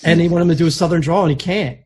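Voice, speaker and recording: A man's voice: a little high, rapid-fire, darkish tone, husky. A man co-hosting a podcast, rambling through casual wrestling chat with plenty of "like" fillers. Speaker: podcast co-host.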